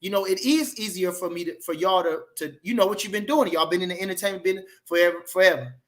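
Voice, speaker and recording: A man's voice: sits high, quick pace, a bit bright. Emphatic man talking boxing. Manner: emphatic, repeats phrases, fires rhetorical questions. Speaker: boxing commentator. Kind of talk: casual opinion talk.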